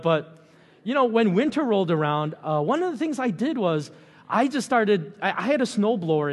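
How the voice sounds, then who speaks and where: A middle-aged man preaching a sermon in a loose, conversational way with many fillers and chuckles. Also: high-pitched. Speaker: pastor. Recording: long hall reverb.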